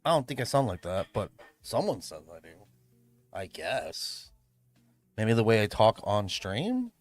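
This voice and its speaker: A man's voice: lowish voice, sing-song, unhurried, no room sound, soft background music. A man chatting casually on a livestream from his room at home, rambling, swearing and laughing often. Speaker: livestreamer and event host. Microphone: streaming mic.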